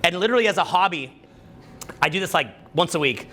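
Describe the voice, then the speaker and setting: A man coaches on social confidence in a loose, rambling style, sprinkling "like" and "right?" through every thought. His voice is bright and forward, sitting a little above the usual male pitch, and his manner stays animated. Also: fast. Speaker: dating and social skills coach. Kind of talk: casual motivational talk.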